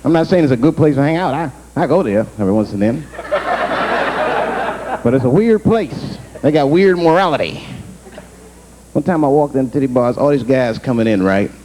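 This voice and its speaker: A young man doing a stand-up set on a club stage, telling stories in an animated way and slipping into character voices. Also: medium pitch, moderate pace, pauses often, background noise. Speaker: stand-up comedian. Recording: live comedy taping with audience. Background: crowd laughter.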